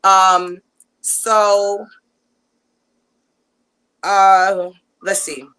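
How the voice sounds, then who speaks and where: Bright-voiced woman telling a story. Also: medium pitch, very slow, smooth, rough recording. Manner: animated, rambling, lots of fillers and restarts. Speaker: guest. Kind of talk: casual storytelling chat.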